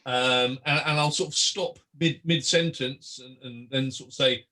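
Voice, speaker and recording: A man's voice: medium pitch, fairly even intonation, measured pace, hardly any pauses, sharp tone. A man playing a tabletop role-playing game, describing what his character does and slipping into character. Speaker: player.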